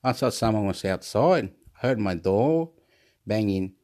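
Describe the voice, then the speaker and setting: Excitable rambling man, wildly lively pitch. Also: a little slow. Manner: repetitive, excitable, swings between shouting and muttering. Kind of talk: rambling motivational monologue. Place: at home, indoors.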